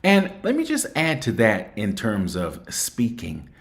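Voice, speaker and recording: A man with a fairly low voice hosts a call-in show in a casual, chatty manner. He thinks aloud, turning his words over reflectively and often circling back to repeat himself. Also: huge pitch swings, unhurried. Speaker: show host.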